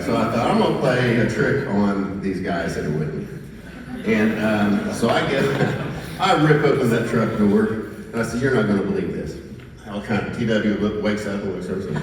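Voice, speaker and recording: A man from northeastern Oklahoma telling a funny story to an audience, animated and laughing through it. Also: lowish voice. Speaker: bank president telling a story. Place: large echoey hall. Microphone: far from the mic. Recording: echoey hall from far off, noisy.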